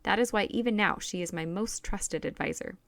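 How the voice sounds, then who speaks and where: A woman reading the part of a middle-aged emperor who questions his daughter in measured, probing tones. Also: medium pitch, creaky, fairly bright tone, dry recording.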